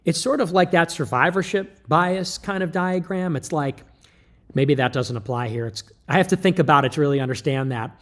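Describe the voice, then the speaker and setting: A man holds forth in a livestream monologue, lecturing his listeners with emphatic, joking energy. His voice sits a little high for a man. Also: moderate pace. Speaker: livestream commentator.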